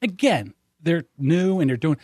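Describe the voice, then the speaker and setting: A fifty-something man hosts a podcast and chats casually with his co-host. He tells stories with animation and acts out what others said. His voice sits a little high and sounds close and dry. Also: big pitch swings, a little slow, dark tone, dry recording. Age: 50s.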